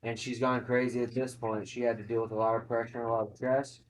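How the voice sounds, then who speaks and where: A man's voice: medium pitch, level tone, fast, a little hiss or hum, poor audio. A man casually retelling a film's plot, swearing and acting out quotes, in a chatty movie-recap conversation.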